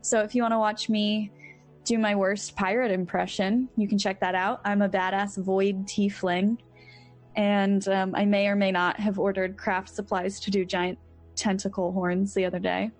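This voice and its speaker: A woman's voice: medium pitch, little pitch movement, normal speed, soft background music. Chatty, scatterbrained young woman streamer. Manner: chatty and upbeat, a little scatterbrained. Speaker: streamer, tabletop game player. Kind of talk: casual chat wrapping up a streamed show.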